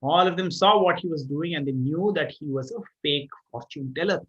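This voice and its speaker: Indian english guy telling kids a story live, chatty, a bit high voice, muffled lo-fi audio. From Tamil Nadu, India. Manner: lively, chatty, with pauses and restarts. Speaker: children's storyteller.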